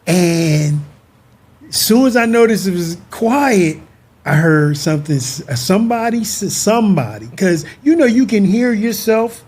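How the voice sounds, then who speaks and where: A man telling an emotional personal story on a talk show, expressive and animated. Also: high-pitched, unhurried. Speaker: guest husband.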